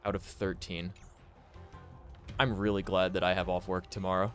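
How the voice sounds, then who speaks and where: A man streaming a video game, talking casually and joking between scenes in a lowish voice. Faint game music plays in the background. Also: little pitch movement, moderate pace, fairly bright tone. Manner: chatty, joking asides. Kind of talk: casual gameplay commentary.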